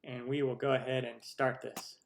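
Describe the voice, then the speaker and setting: A middle-aged man hosts a casual live stream from his computer. His voice sits at an ordinary middle pitch, and he rambles through answers with plenty of restarts and little laughs. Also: little pitch movement, moderate pace, creaky, slight background noise. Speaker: host of a cooking channel live stream.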